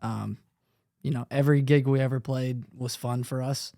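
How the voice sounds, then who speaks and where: Laid-back young musician, dry close sound. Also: male voice, mid-range voice, normal speed, creaky, dry recording. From Arkansas. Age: 20s. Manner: relaxed, self-deprecating, drifting quieter. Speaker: guest musician. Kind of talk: casual interview chat.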